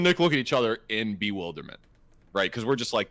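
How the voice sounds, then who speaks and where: Man, podcast co-host, lively swooping pitch, lowish voice, dry close sound, profane storytelling. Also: fast, dry recording. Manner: profane, animated anecdote-telling. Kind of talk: casual storytelling chat.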